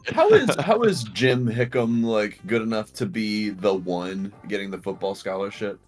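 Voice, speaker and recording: A man co-hosting a live stream in casual chat, teasing and quick to laugh. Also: on the low side, animated, soft background music. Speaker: co-host.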